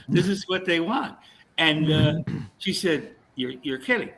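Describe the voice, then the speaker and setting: A man's voice: a little high, measured pace, slight background noise, poor audio. A man telling a story in casual chat, acting out what people said to him. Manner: animated storyteller, acts out quotes.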